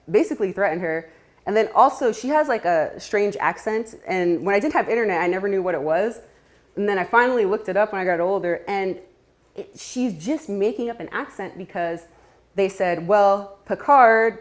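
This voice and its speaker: Chatty woman talking to a crowd. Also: mid-range voice. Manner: chatty, laughing asides, many fillers. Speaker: community speaker. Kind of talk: casual talk to a live audience.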